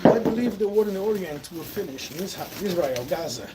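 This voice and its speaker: A man's voice: high voice, expressive, quick pace. Man with a Brazilian accent, noisy recording. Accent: Brazilian Portuguese. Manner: emphatic, rhetorical questions, repeats points. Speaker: vlogger. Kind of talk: opinion monologue to camera. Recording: loud background noise with clicks.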